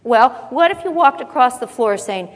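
A woman preaching a sermon, repeating phrases for emphasis and acting out low muttering. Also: expressive, moderate pace. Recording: long hall reverb.

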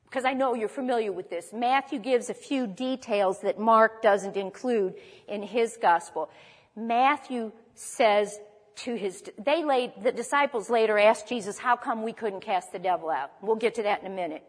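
A woman preaching a sermon, reading scripture aloud with dramatic pauses and then explaining it to the congregation. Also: on the high side, big-room sound.

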